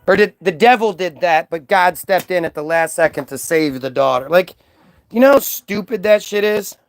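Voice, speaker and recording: A man's voice: high voice, moderate pace, dry recording, faint music behind. A man delivering a profane, sarcastic ranting monologue, mocking as he goes. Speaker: vlogger.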